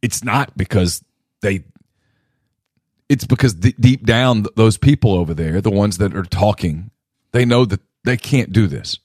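A man co-hosting a sports podcast in casual talk, emphatic and repetitive, jumping up to a near shout on the points he presses. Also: lowish voice, a little slow, no room sound, studio quality. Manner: emphatic, repeats himself, rising to a near shout on key phrases. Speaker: podcast co-host.

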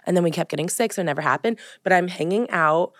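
A woman in her thirties with a New Jersey accent, co-hosting a podcast in casual chat, blunt and quick to swear while acting out stories. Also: lowish voice, no room sound, studio quality. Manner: blunt, swears freely, animated retellings. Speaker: podcast co-host.

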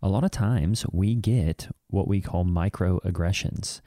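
A man's voice: low voice, a little slow, mellow, dry recording, clean studio sound. A man playing an aggrieved megachurch dad. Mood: earnest aggrieved. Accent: New Zealand or Australian. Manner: earnest, aggrieved, rambling with restarts. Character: touchy devout megachurch dad, easily offended. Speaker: podcast co-host. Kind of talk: improvised satirical character comedy.

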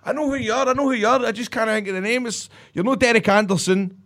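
Excitable high-voiced Scottish man. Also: fast talker. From Ayrshire, Scotland. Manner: excitable, loud, sweary joking. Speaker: podcast co-host. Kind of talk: casual podcast banter.

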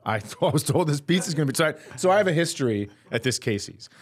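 A man's voice: mid-range voice, expressive, a little fast. A man hosting a podcast, telling a comic story in a profane, indignant way. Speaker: podcast host. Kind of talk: comedic storytelling chat.

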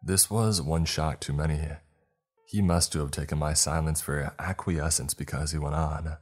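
A man reading a first-person horror story aloud as scripted narration, in a measured storytelling manner. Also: a bass voice, fairly even intonation, slightly rough.

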